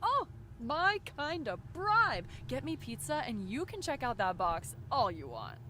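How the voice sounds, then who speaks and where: A sarcastic, teasing young woman in a game, her pitch bouncing all over the place as she jokes. A soft hiss sits behind her voice. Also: big pitch swings, measured pace. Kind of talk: game voice acting.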